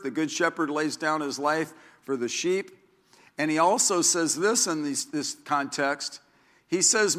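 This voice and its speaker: A man in his sixties, a pastor, preaching a sermon in a chatty, animated way, acting out quotes and stories. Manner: animated, chatty, acts out quotes with big pitch jumps.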